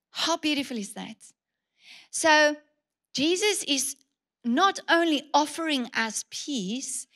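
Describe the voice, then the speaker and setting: High-voiced woman pastor preaching. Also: a bit bright. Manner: emphatic, repeats key words, asks the congregation questions. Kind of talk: sermon.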